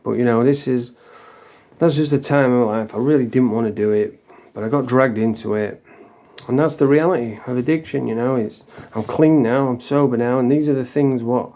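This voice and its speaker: A man's voice: medium pitch, a little fast, dark tone. A middle-aged man from England telling his own story in a blunt, sweary, confessional way. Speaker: vlogger. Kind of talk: casual storytelling.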